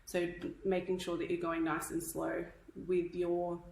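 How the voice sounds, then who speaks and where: A woman's voice: on the low side, completely flat delivery, measured pace, creaky, a little mellow, reverberant, rough recording. A woman from Australia teaching hairstyling in a live tutorial, chatty and instructive, a little out of breath. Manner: chatty, instructive, checks in with "okay?". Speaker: hairdressing educator.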